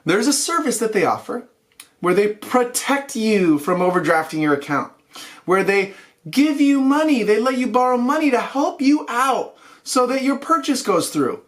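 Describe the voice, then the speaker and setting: A man's voice: very high voice, big pitch swings, normal speed. Heated, ranting man hosting a news show. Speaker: host of a weekly news show. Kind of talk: casual news rant to camera.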